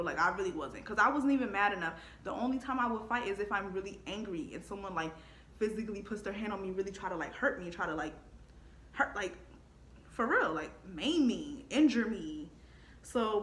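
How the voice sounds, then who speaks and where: Bright, animated young woman telling a story. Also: a little high, slight background noise. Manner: animated, laughs often, acts out quotes. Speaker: vlogger. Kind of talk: casual storytime monologue. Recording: echoey room.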